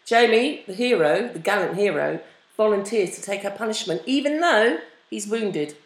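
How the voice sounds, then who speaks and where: A woman co-hosts a casual podcast, bubbling with fan enthusiasm and frequent laughter. Her voice sits at a middle pitch and rings with a roomy echo. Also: lively intonation, moderate pace. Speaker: podcast co-host. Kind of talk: casual chat.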